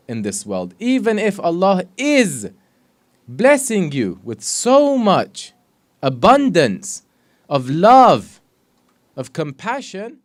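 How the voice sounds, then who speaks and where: A man's voice: high-pitched, huge pitch swings, slow pace. A man, a sheikh, giving an earnest sermon full of rhetorical questions. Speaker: sheikh giving a religious talk. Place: mosque or community hall.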